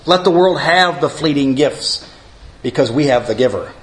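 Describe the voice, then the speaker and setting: Middle-aged male preacher, slightly high-pitched, chatty storytelling sermon building to emphatic points. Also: animated, normal speed, rough recording. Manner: conversational storytelling preacher, rising to emphatic lists. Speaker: pastor.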